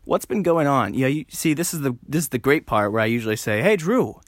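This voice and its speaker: A man hosting a solo podcast, rambling and joking at himself, talking fast and often jumping up high. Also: expressive, no room sound, studio quality. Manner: rambling, self-mocking, fast with sudden high jumps. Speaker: podcast host. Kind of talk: casual solo podcast chat.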